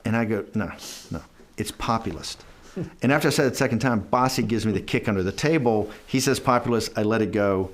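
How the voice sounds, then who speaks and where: A man's voice: fairly low pitch, fast. A middle-aged man telling a long anecdote in a documentary interview, acting out bits of dialogue and often restarting his sentences.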